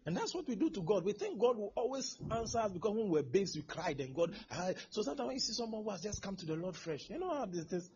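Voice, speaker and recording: Man, pastor, sermon, highly animated, hushed to shouting. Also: quick pace, hardly any pauses, noisy background. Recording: dull lo-fi sermon recording.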